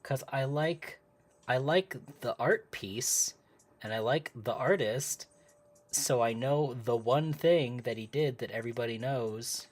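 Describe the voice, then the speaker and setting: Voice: medium pitch, takes it slowly. Chatty, giggly live-stream host. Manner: chatty and easily sidetracked, laughing often; talks to live chat. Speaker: livestream host. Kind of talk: casual live-stream chat while crafting.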